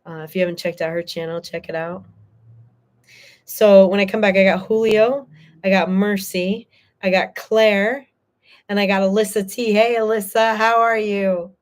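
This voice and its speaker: A woman's voice: medium pitch, fairly even intonation, normal speed. A woman hosting a live tarot reading stream, speaking earnestly and spiritually to viewers by name, with fillers and restarts, sometimes getting emotional. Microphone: streaming to viewers live, no moderator.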